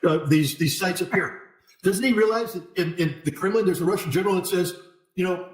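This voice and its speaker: A male interview guest giving forceful political commentary, hammering points with repetition and sarcastic asides. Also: high voice, brisk. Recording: echoey room.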